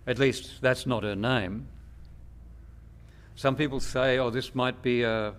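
A man preaching a sermon in a slow, measured, emphatic way, with long pauses between phrases. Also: mid-range voice, steady tone, clean tone.

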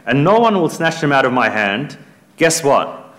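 A man's voice: a little high, sing-song, normal speed, a bit bright. A man preaching a sermon in an earnest, emphatic way, lifting his voice when he quotes scripture.

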